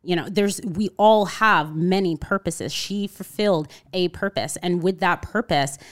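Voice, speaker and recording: A woman's voice: fairly low pitch, measured pace. A woman in her thirties from Connecticut, a podcast guest telling her story in a casual interview, acting out what people said and often adding "you know" and "like". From Connecticut, USA. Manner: animated storyteller, acts out quotes, frequent "you know" and "like".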